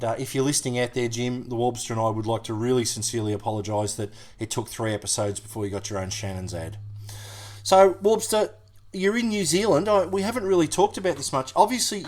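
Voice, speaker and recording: A man co-hosting a podcast in casual banter. He is teasing and playful and often breaks in with questions. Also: medium pitch. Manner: teasing, playful, with many interruptions. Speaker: podcast co-host.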